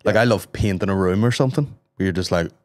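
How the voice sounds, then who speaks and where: A man's voice: sits low, fast, no echo. A man with a Northern Irish accent telling jokey stories and swearing freely in casual podcast chat.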